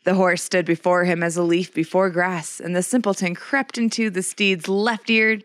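A woman's voice: on the low side, fairly even intonation, normal speed, no echo, studio quality. A woman co-hosting a comedy podcast, retelling a fairy tale with wry, profane asides. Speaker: podcast co-host and storyteller.

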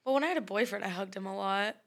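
A woman's voice: medium pitch, racing. A young adult woman co-hosting a podcast in casual chat, giggly and chatty with lots of fillers. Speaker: podcast co-host.

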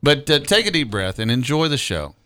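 A man's voice: medium pitch, very animated, fairly quick, pushed and bright, slight background noise. A man co-hosting a casual sports radio show, tired, stammering and laughing often.

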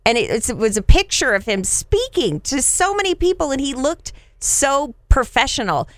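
A woman co-hosting a podcast, talking in an expressive, playful way. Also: high voice, moderate pace, no room sound, studio quality. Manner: expressive, animated, playful teasing. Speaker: podcast co-host. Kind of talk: casual chat.

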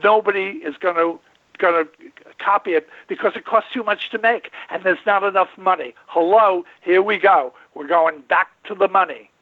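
A man's voice: high voice, normal speed, dry recording. Older man ranting over a tinny phone line. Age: 70s. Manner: rambling, folksy, emphatic with repetitions. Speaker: radio show host and veterinarian. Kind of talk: call-in radio monologue.

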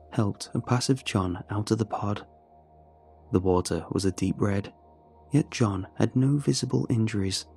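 Husky-voiced man narrating a horror story. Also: on the low side, darkish tone.

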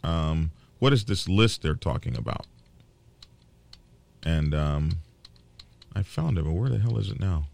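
A man hosting a biker news show, talking casually to his viewers in a halting, indignant way with many fillers and repeated words. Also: low voice, very animated, creaky, a little mellow. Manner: worked up and indignant.

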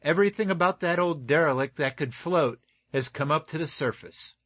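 A man's voice: on the high side, moderate pace, a bit bright, pitched above the performer's own voice. A man voicing a confident, hearty male naval lieutenant with emphatic exclamations.

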